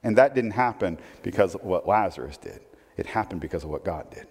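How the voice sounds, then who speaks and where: A man's voice: low-pitched, lively intonation, a little fast, darkish tone, husky, long reverb tail. A man preaching a sermon in a conversational way, asking his listeners rhetorical questions. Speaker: pastor.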